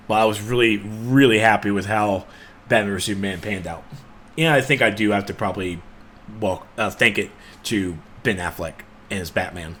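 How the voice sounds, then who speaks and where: A man co-hosting a game podcast, talking in an animated, emphatic, rambling way. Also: on the low side, brisk. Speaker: podcast co-host. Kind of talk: casual podcast chat.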